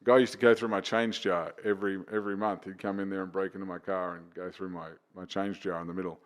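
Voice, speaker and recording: A man's voice: low-pitched, little pitch movement, fast talker. A middle-aged man with an Australian accent, chatting casually as a comedian guest and telling stories with restarts and stammers. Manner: laid-back storyteller, stammers and restarts, says "mate". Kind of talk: casual chat, storytelling.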